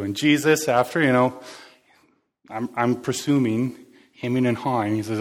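A man's voice: mid-range voice, normal speed, pauses often. A man preaching a casual, conversational sermon, joking and talking back and forth with his congregation. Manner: chatty, jokey, interacts with the congregation.

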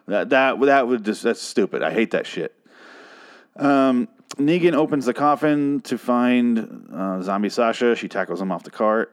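A man hosting a podcast, recapping a TV episode in a rambling, profane, animated way. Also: on the low side. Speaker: podcast host.

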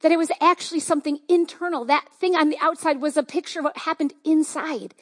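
A woman's voice: high voice, quick pace. A woman pastor giving a conversational, enthusiastic sermon with lots of fillers.

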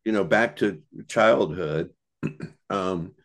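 An older American man, a podcast guest, tells reflective childhood stories in a meandering, thoughtful way, with many pauses and restarts. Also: deep voice, a bit bright. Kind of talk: reflective storytelling conversation.

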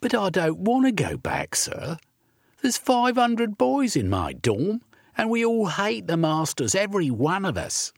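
Man doing an earnest orphan boy, pitched high, husky, street-talking. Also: wildly swooping pitch, unhurried, no echo, clean studio sound, full character voice. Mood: pleading. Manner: earnest, pleading, ungrammatical street speech. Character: boy, young runaway orphan, cockney-tongued.

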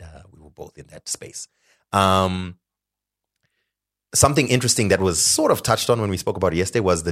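A man co-hosting a podcast in casual, playful chat, from Zimbabwe, sometimes mock-pompous and animated. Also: low-pitched. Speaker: podcast co-host.

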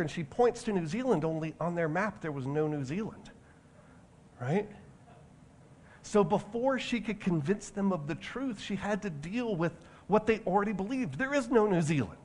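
A man delivers a sermon as if he were chatting with the room, often stopping and restarting his sentences. His voice sits a little higher than most men's. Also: lively intonation, moderate pace. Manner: conversational, with many restarts and asides. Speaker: pastor.

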